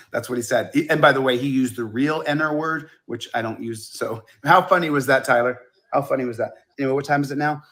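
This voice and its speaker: Man, rambling monologue, repeats himself, stumbles, mid pitch. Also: fast, few pauses, a bit bright. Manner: rambling, repetitive, stumbles over words. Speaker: online video talker.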